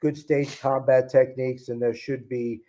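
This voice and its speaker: A man who is an actor and author, answering interview questions in a measured, explanatory way. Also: medium pitch, level tone, warm tone.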